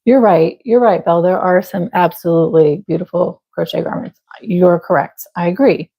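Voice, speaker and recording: A young woman hosts a live crochet stream, chatting casually with viewers and laughing at herself as she works. Her voice sits on the low side with fairly even intonation, a moderate pace and a creaky quality. The recording sounds muffled.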